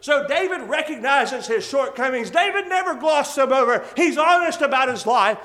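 A man's voice: very high-pitched, animated, moderate pace, bright, forceful tone. A man preaching a sermon to his congregation, reading scripture in old English and building to earnest, fervent emphasis.

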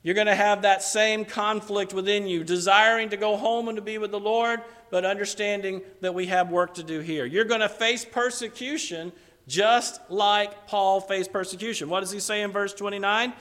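A middle-aged man preaching a sermon, with slow emphatic stresses and repeated phrases. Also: sits high, fairly even intonation, fairly bright tone. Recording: long hall reverb.

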